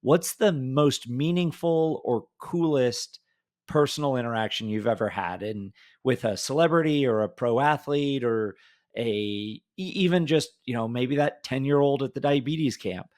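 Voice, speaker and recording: A man's voice: mid-range voice, animated, a little slow, darkish tone. A man hosting a podcast interview, chatty and casual, often hunting for his words with fillers. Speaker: podcast host.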